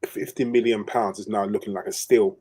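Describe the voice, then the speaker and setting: Emphatic low-voiced male podcast host. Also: steady tone, a little fast, dark tone. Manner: emphatic and opinionated, with fillers. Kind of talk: casual football chat.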